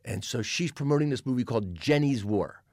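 An older man spins comedy war stories as a podcast guest, close on a dry, deadened mic. His middle-pitched voice jumps up when he gets excited and drops low and soft whenever he acts out someone else's lines. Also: a little fast, dry recording. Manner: animated, acts out quoted people in lowered voice. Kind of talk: storytelling anecdotes in podcast chat.

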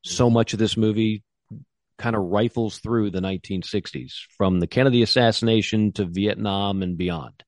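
A man co-hosting a sports podcast, rambling enthusiastically and restarting his sentences. His voice sits on the low side and sounds dry and close. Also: steady tone, normal speed, no echo. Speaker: co-host. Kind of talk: casual sports podcast chat.

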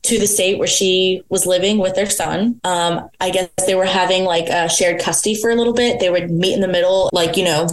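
A woman's voice: fairly low pitch, fairly even intonation, fairly quick, hardly any pauses. Woman telling a personal story in an echoey room. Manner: candid and conversational, quoting others as she tells it. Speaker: podcast guest.

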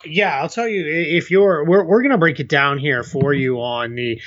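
A man's voice: fairly high pitch, normal speed, fairly bright tone. A male podcast co-host in casual chat who walks listeners through contract details step by step. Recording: dull lo-fi sound.

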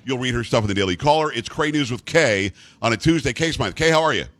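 A man's voice: mid-range voice, animated, quick pace, a bit bright. A man hosting a talk radio show, bantering with a teasing, mock-indignant manner.

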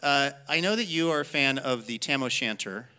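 A man's voice: medium pitch, lively intonation, moderate pace, pushed and bright, a little hiss or hum. A man hosting a radio interview, asking questions with wry, dry jokes. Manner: wry, dryly joking questions. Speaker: host.

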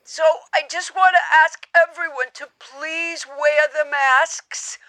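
A woman voices an earnest, clingy superfan caller. She sounds high and bright, in a dry close recording. She turns solemn when she quotes literature. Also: steady tone, slow, no room sound, exaggerated voice, rough recording.

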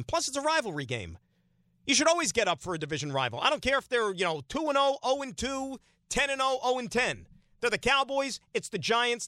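Sports radio guy ranting about football, bright tense voice, high and bouncy, dry studio sound. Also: no echo. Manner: opinionated, rhetorical questions, animated. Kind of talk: sports talk radio monologue.

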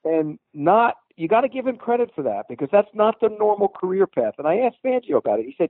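Calling in over a tinny phone line from a team practice facility, a football reporter gives sports analysis in a matter-of-fact, confident way. He has a high, very animated voice, talks quickly with hardly any pauses, and the recording is dry.

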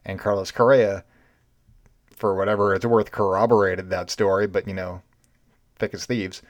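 A man's voice: low voice, steady tone, normal speed, dry recording, studio quality. Sarcastic man ranting about baseball. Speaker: baseball podcast host. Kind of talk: unscripted sports commentary.

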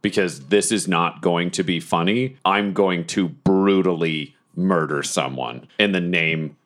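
Low bright-voiced man at the gaming table. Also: a little slow. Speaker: player. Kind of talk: describing his character's actions.

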